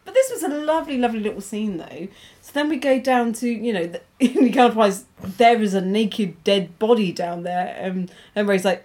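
A woman's voice: medium pitch, lively intonation, moderate pace, a little mellow. A woman, co-hosting a podcast and recapping a TV episode in chatty, giggly storytelling. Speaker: podcast co-host. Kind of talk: casual chat recapping a TV episode.

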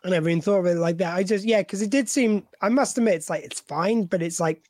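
A man co-hosting a podcast, chatty and animated, often laughing. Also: sits high, fast talker, dry recording. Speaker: podcast co-host. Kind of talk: casual chat.

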